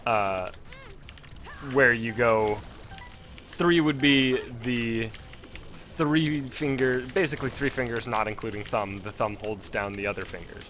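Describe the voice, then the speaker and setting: A man's voice: mid-range voice, bright, forceful tone, slight background noise. Rambling young man streaming a game. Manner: rambling, many fillers and restarts. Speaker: gaming streamer. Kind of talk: casual commentary while playing.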